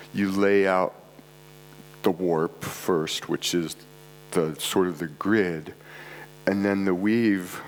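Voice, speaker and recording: A man's voice: low-pitched, low-quality recording. A congested man giving a rambling, casual conference talk with offhand asides, recorded at a live event. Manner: casual, digressive, self-deprecating asides. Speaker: conference presenter. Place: art club event space, live audience. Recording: faint mains hum.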